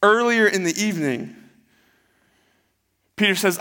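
A man's voice: high voice, animated, a little slow, long pauses, bright, forceful tone. A man preaching a sermon, retelling the story in a conversational way and acting out the quotes. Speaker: pastor. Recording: long hall reverb.

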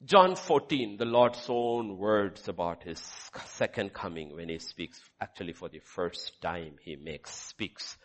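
Animated man preaching a sermon. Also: low voice, measured pace, few pauses. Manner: preaching with rising emphasis and rhetorical questions. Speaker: pastor.

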